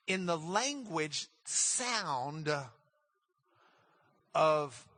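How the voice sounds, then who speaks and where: A man teaching a Bible class, emphatic and animated, often repeating words when excited. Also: a little high, no room sound.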